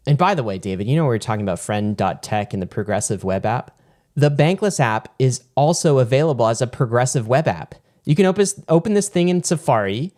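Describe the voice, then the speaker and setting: A man co-hosting a casual podcast, talking in a relaxed way and often hedging his opinions. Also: mid-range voice, fairly quick. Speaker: podcast co-host. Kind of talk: casual chat.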